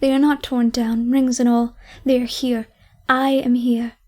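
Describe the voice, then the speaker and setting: A woman's voice: a little high, level tone, a little slow, a little mellow. A woman voicing an overjoyed, repentant old miser in an audiobook, talking in fervent, breathless exclamations. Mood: ecstatic. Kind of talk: audiobook character reading.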